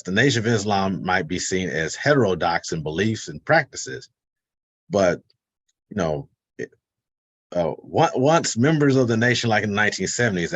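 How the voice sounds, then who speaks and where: A man with a fairly low, husky voice explains in loose, casual talk, his pitch rising and falling a lot. He drops in fillers and acts out the quotes in his stories. The sound is dry and close, as on a video call. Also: no echo, muffled recording. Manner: conversational, many fillers, tells anecdotes with quoted voices. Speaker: panelist on a webinar.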